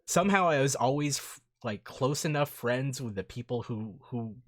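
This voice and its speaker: A man's voice: medium pitch, expressive, normal speed. A man guesting on a podcast, reminiscing casually with his old college friend, enthusiastic and rambling with lots of "like" and "dude".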